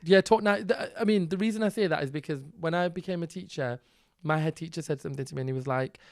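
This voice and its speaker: A man with a Northern English accent, chatting as a podcast guest. His voice sits a little high, and he tells stories with energy, often acting out what other people said. The sound is dry and close, with no room echo. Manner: animated, quick storytelling with acted quotes. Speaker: guest, content creator and teacher. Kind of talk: casual podcast interview.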